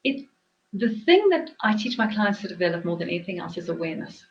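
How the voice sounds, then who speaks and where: A woman's voice: fairly low pitch, very animated, quick pace, highs cut off. A woman hosting an interview as a life coach, explaining her ideas earnestly and repeating phrases for emphasis. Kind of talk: reflective interview talk.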